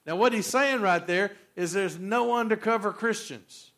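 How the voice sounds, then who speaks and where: A pastor in his sixties delivers an animated sermon in a fairly high voice. He tells stories and fires questions at the congregation. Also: moderate pace, few pauses. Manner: animated storyteller, quizzes the congregation.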